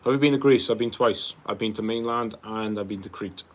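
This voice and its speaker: A man in his twenties chats loosely on a livestream, answering viewers with plenty of ums, likes and bros. His voice sits fairly low. A faint hiss runs behind him. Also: brisk. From Wales. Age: 20s. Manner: loose and rambling, calls people bro, many fillers. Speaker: livestream host. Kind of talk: casual chat answering live viewer questions.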